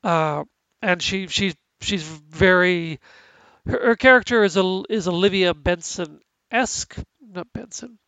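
A man's voice: high-pitched, a little slow, pushed and bright, dry recording, rough recording. A man with stuffy sinuses co-hosting a casual chat about TV, rambling with many restarts and fillers. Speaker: podcast co-host.

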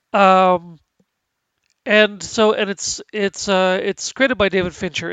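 A man's voice: sits high, vocal fry, fairly bright tone, dry recording, poor audio. A man with stuffy sinuses co-hosting a casual chat about TV, rambling with many restarts and fillers. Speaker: podcast co-host.

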